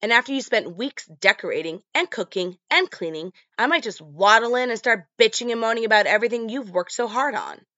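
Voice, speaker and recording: An exasperated mother snaps back with sharp sarcasm, voiced by a woman retelling a film. The voice is bright. The recording is dry and a bit lo-fi. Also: fairly high pitch, expressive, brisk, few pauses, no echo, pitched above the performer's own voice. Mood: fed up. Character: exasperated mother hosting family.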